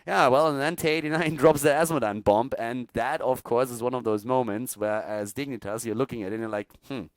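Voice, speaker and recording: A man commentating an esports replay, breaking down team picks in an analytical, animated way with casual fillers. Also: medium pitch, brisk, no echo.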